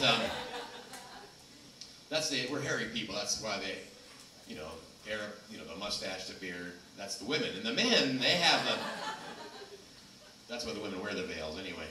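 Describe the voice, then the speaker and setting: A man from Los Angeles doing a loose, rambling stand-up set with crowd work. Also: fairly low pitch. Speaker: stand-up comic. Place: small comedy venue. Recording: echoey room from far off, noisy.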